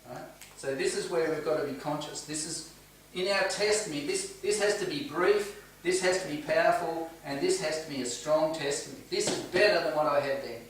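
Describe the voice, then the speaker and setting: A man's voice: a little high, brisk, hardly any pauses, slight background noise. A man leading a home church Bible study, earnest and questioning the group as he teaches. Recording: echoey room, distant mic, faint ambience.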